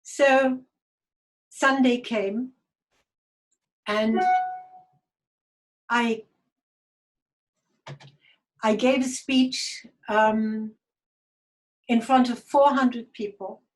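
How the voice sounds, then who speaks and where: A woman speaks slowly, her voice sitting a little high. She tells a personal story to an online audience over a video call, hesitating often and restarting her sentences. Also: fairly even intonation. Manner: hesitant, halting, many fillers and restarts. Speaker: guest speaker. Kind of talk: personal testimony talk.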